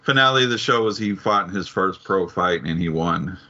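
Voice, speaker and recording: A man co-hosting a casual movie podcast, halting and restarting sentences with dry jokes. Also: deep voice, animated, sharp tone, lo-fi sound. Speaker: podcast co-host.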